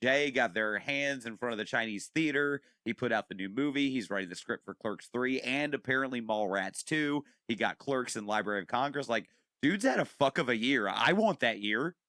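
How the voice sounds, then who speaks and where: A man's voice: medium pitch, animated, normal speed, hardly any pauses, sharp tone, dry recording, studio quality. A man co-hosting a podcast, chatting casually with jokes and swearing. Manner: joking, swearing, matter-of-fact. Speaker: podcast co-host.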